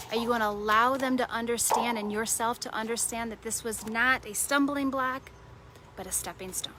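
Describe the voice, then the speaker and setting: A woman's voice: fairly high pitch, fairly bright tone, slight background noise. A woman preaching a devotional sermon in an earnest way, repeating short phrases for emphasis.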